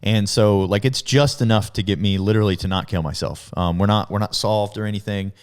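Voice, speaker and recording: Swearing man with a low voice. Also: fairly even intonation, fairly quick, clean tone. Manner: rambling, heavy swearing and fillers; frequent self-corrections and restarts. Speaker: podcast guest. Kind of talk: casual storytelling.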